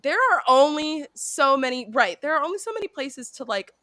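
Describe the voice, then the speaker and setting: A woman co-hosting a podcast in casual chat, animated and sweary, often mimicking people. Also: sits high, fairly quick, no room sound, clean studio sound. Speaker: podcast co-host.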